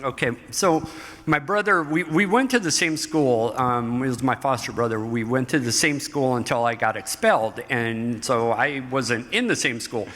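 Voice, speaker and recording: A middle-aged man, a guest in an interview, telling stories from his life in an animated way, often laughing. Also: mid-range voice, normal speed. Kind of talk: storytelling interview. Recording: hall reverb.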